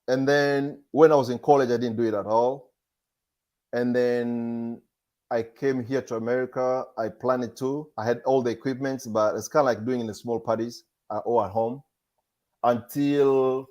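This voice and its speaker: A man's voice: medium pitch, steady tone, a little slow, long pauses. Hesitant man, DJ guest. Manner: hesitant, restarts sentences, soft-spoken. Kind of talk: casual interview chat.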